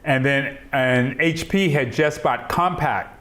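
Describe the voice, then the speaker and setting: A man's voice: medium pitch, slow pace. A middle-aged man telling stories in an oral history interview over a video call, acting out the dialogue and laughing often. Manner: animated storyteller, acts out quoted dialogue, laughs often. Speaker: interviewee, software entrepreneur.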